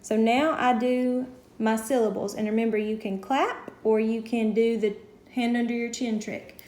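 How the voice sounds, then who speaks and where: A woman's voice: on the high side, fairly even intonation, darkish tone, a little hiss or hum. Patient woman teacher in an echoey room. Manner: patient, explains slowly step by step. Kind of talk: recorded classroom lesson.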